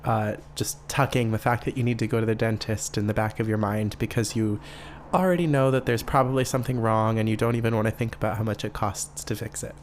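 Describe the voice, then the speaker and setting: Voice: medium pitch, steady tone, brisk, a little hiss or hum. A podcast host in their late twenties, chatting casually and playfully, camp and full of swearing. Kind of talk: casual solo podcast chat.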